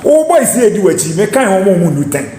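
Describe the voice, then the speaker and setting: A man's voice: high voice, big pitch swings, fast, mellow. A man with a Ghanaian accent commenting heatedly, with hesitations and fillers. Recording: echoey room with faint noise.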